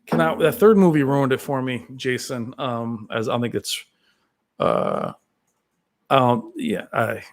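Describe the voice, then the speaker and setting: A man hosting a casual live stream from home, reading viewer comments aloud and talking in a rambling, excitable way. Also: medium pitch, slow, creaky. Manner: rambling, excitable, with frequent fillers. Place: at home with his cat.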